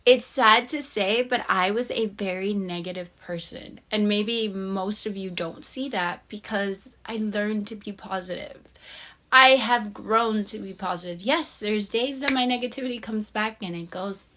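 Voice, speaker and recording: A woman's voice: medium pitch, moderate pace, pushed and bright. A woman talking to her viewers in a casual, encouraging motivational vlog, earnest and chatty. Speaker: YouTube vlogger.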